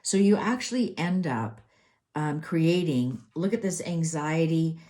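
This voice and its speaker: A woman's voice: low voice, lively intonation, a little slow, dark tone. A middle-aged woman doing a tarot reading, ranting in a heated, exasperated way with many restarts. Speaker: tarot reader.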